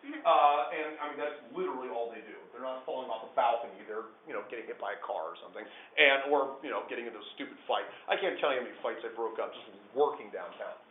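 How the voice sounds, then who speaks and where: Animated male storyteller, tinny and echoey. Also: medium pitch, fast talker. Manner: animated, with big swings between hushed and loud. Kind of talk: live personal storytelling to listeners. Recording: echoey room over a tinny phone-like line.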